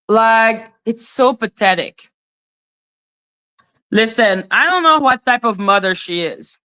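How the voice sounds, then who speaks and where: A woman's voice: a little high, slow pace, pauses often, pushed and bright. A woman giving casual reaction commentary as a YouTuber, blunt and profane as she talks back at clips.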